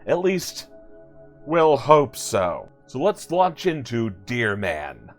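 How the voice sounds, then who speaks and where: A man's voice: mid-range voice, wildly swooping pitch, takes it slowly, soft background music. A man hosting a let's play video, commenting playfully and sarcastically with jokey asides. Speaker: gaming video host.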